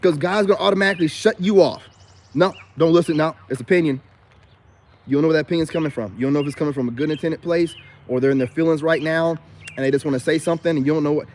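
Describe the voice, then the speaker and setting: Boastful, defiant man with a high voice. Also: rapid-fire, a little mellow. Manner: repeats filler asides often. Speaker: self-styled life coach vlogger. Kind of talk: unscripted rant to camera.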